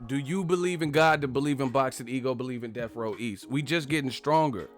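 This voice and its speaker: A man hosting a live chat stream, talking casually and trash-talking commenters with loud bursts and laughs. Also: mid-range voice, brisk, faint music behind. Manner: brash trash talk, frequent laughing.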